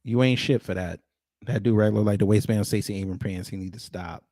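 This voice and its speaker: A man's voice: lowish voice, steady tone, fairly quick, warm tone, dry recording, studio quality. A man hosting a livestream, ranting at and mocking the clips he reacts to. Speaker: livestream host.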